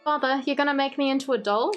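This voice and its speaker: Scared young girl, read by a woman, pleading, a touch higher, Australian accent. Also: takes it slowly, faint music behind. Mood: frightened. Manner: shaken, pleading.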